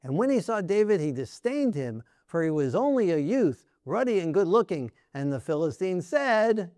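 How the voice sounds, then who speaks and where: A male preacher with a fairly high voice talks through scripture in a loose, chatty way, often tossing out "right?" to his listeners. The sound is dry and close, with no room echo around it. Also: very animated, normal speed, a little mellow. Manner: conversational, keeps asking "right?" with laughs. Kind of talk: sermon.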